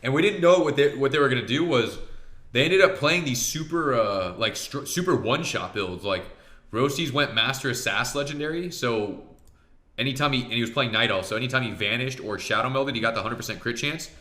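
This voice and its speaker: A man giving a casual, excitable commentary on his own match, swearing freely and talking straight to his viewers. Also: medium pitch, brisk. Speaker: professional arena player reviewing his match.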